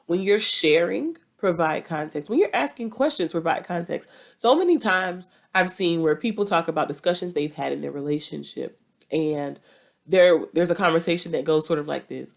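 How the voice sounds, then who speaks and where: Low, gravelly Southern woman giving advice. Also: expressive, normal speed. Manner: direct, emphatic, repeats points for stress. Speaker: relationship advice podcast host. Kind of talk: conversational advice talk.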